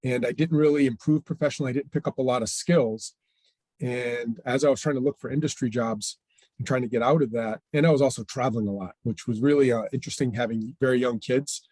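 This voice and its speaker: A middle-aged man telling stories in an interview, who acts out the lines of the people in them with lively changes of voice. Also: mid-range voice, quick pace, no room sound. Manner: animated, acts out quoted dialogue. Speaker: franchise owner guest. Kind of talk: storytelling interview chat.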